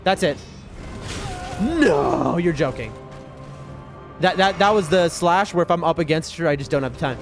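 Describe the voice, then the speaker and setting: A man streaming gameplay live. He talks to his chat with excitable, jumpy commentary, yelping at big moments and muttering in between. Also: on the high side, moderate pace, gravelly, long pauses. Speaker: gaming streamer. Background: game music.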